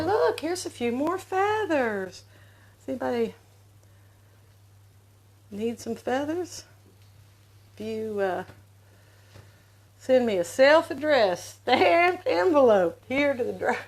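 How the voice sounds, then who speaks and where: A woman host with a Southern US accent, chatting in a folksy, rambling way from her home. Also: a little high. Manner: folksy, chatty, wandering from topic to topic. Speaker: show host. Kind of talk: casual rambling monologue. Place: home during lockdown.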